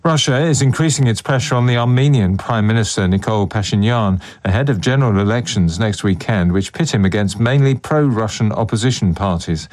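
A man reads a news bulletin in a measured, formal delivery. His voice sits fairly low and stays steady throughout. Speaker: newsreader.

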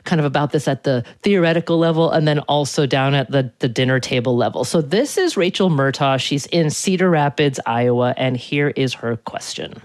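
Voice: medium pitch, normal speed, few pauses, dry recording. A podcast host guiding a panel discussion, thoughtful and appreciative toward listeners. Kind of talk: podcast hosting.

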